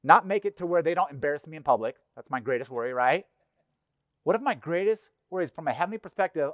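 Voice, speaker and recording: A middle-aged man preaching a sermon in a conversational, animated way, acting out little voices. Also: a little high, quick pace, no echo, studio quality. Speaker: pastor. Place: church.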